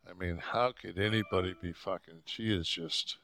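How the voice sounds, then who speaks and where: Deep-voiced guy on a podcast mic, swears a ton, rambles, voice smooth and clean. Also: fairly even intonation, normal speed, bright, forceful tone. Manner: rambling, swears often, restarts a lot. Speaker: podcast co-host. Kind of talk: casual profane chat. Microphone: podcast microphone.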